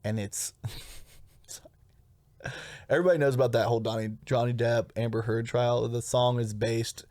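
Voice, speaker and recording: A man's voice: medium pitch, fairly even intonation, normal speed, long pauses, a little mellow, no echo, studio quality. A man co-hosting a comedy podcast in casual, rambling chat, swearing freely and laughing often. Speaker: podcast co-host.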